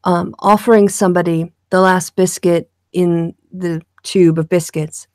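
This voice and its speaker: Brief: woman host, lowish voice, dry and amused, close and dry sound on a video call. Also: steady tone, a little slow, a little mellow, dry recording. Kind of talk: casual chat on a video call.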